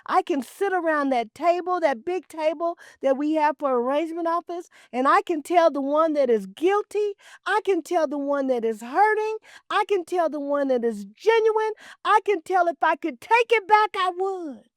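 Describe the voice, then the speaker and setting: A woman's voice: expressive, moderate pace, few pauses, no echo. Emphatic woman host, preachy and dry. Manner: emphatic and preachy, repeats phrases for effect; swings from loud and high to hushed, near-whispered asides. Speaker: talk show host. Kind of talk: heartfelt storytelling monologue.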